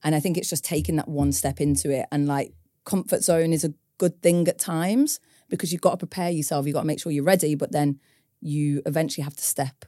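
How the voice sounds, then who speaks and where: A woman, a business co-founder, talking thoughtfully in a casual interview, pausing to find her words. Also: deep voice, fairly even intonation, mellow, no echo, clean studio sound. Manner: thoughtful, searching for words, tag questions.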